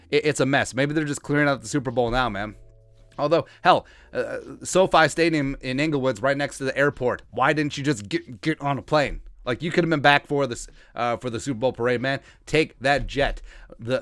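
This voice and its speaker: A man hosting a sports podcast, riffing in a joking, rambling way and putting on quick mock voices for the people he talks about. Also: medium pitch, a bit bright, no echo. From Asian heritage, Minnesota fan. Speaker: podcast host. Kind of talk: comedic sports commentary.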